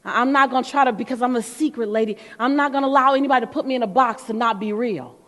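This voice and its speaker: A woman giving a motivational speech to a live audience, telling her story in an animated, playful way and laughing between lines. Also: on the high side, racing. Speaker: motivational speaker. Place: large hall before an audience. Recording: long reverb of a large hall.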